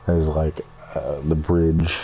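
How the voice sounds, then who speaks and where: A young man shows off his game builds in a casual screen recording, speaking slowly in a very deep, dark, flat voice over slight background noise. He rambles, curses freely and runs down his own creations.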